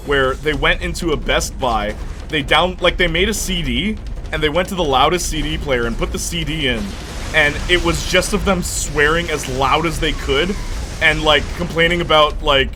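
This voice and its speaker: A young man hosting a gaming channel, chatting casually and telling rambling stories with bursts of laughter while reading his viewers' chat. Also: a little high. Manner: animated rambling storyteller, breaks into laughter; reads and answers viewer chat. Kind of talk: casual let's-play chat.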